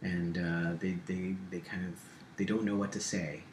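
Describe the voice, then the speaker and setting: A man narrating as game master in a tabletop game, halting with many ums and restarts. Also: sits low, little pitch movement. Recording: echoey room with faint hiss.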